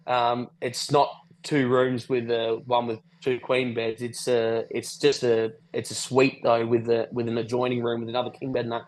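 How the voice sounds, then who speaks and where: A man's voice: medium pitch, flat delivery, moderate pace, poor audio. A man telling a rambling travel story on a podcast call, swearing casually. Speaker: podcast guest. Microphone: video call.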